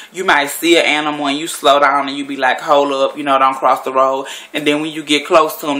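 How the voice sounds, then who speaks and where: A woman's voice: low voice, bright, forceful tone. A woman vlogger telling a story in a blunt, profane and rambling way, sitting at home. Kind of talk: casual storytelling monologue.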